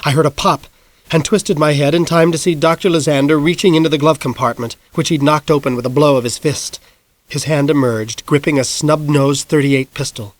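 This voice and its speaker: A man's voice: fairly high pitch, no room sound. Man narrating an audiobook, close and dry. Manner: measured storytelling, rising to shouts in action. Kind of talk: scripted narration.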